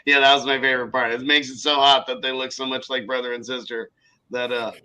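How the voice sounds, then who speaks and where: A man co-hosting a podcast in casual chat, telling animated stories and swearing freely. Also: mid-range voice, fast, slight background noise, rough recording. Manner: animated storyteller acting out quoted people, swears freely. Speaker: podcast co-host.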